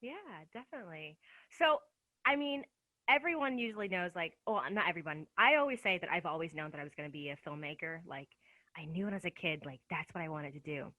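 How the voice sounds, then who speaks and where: A woman hosting a casual interview, chatty and quick to laugh. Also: lowish voice, expressive, bright, forceful tone, dry recording. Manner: laughs often, bubbly and chatty. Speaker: host.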